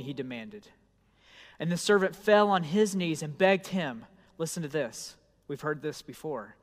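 Male pastor, storytelling sermon, slightly high voice, rises loud then drops hushed; long hall reverb. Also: expressive, normal speed.

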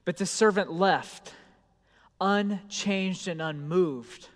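A man preaching a sermon, telling a story in a conversational voice that swings between loud and hushed. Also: on the high side, long reverb tail. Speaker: pastor.

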